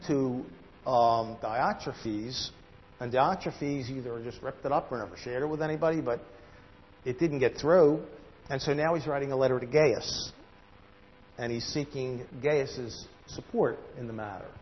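A man's voice: medium pitch, dull audio. Man teaching a Bible study in a hall. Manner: explains in numbered points, often stressing single words loudly. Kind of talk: verse-by-verse Bible study lesson.

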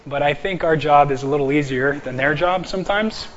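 A man teaching an apologetics class from slides, joking and slowing down to stress key words. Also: on the high side, muffled recording.

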